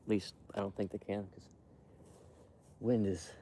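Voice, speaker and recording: A young man quietly rambling to his live stream while hunting outdoors in the cold wind, full of fillers and restarts. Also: on the low side, monotone, fast. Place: outdoors in a windy field edge.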